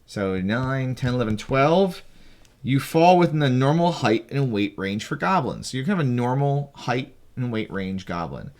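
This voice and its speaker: Regular guy running a tabletop game, mid pitch, teasing and breezy, lots of restarts. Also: very animated, normal speed, darkish tone, slight background noise. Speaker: game master. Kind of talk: casual tabletop game explanation.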